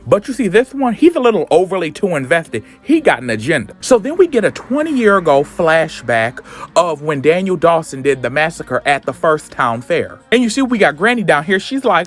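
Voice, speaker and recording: A man casually recapping a comic book, telling it in a sassy, animated way full of slang. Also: fairly high pitch, a little fast, soft background music.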